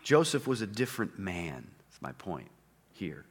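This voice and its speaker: Male pastor, conversational sermon, lively pitch, gets louder on scripture readings. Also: normal speed, slightly rough. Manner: conversational preaching with fillers and "okay?" checks; reads scripture louder and higher.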